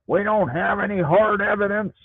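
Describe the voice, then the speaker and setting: A man's voice: high voice, moderate pace, gravelly, slightly rough, dry recording, pitched above the performer's own voice, exaggerated voice. A lazy rural sheriff's deputy, put on by a man, brushes off a complaint in a raised, whiny voice. The sound is tinny and dry, like a phone line. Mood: dismissive. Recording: tinny dry Bluetooth audio.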